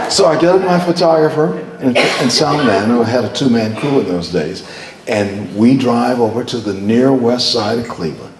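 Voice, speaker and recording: A man's voice: mid-range voice, lively intonation, unhurried, crowd noise. An older man, a veteran TV journalist, telling stories to a live audience in a chatty way, often repeating words as he starts a thought. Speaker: veteran TV journalist, guest speaker. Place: hall with an audience. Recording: echoey room, faint noise.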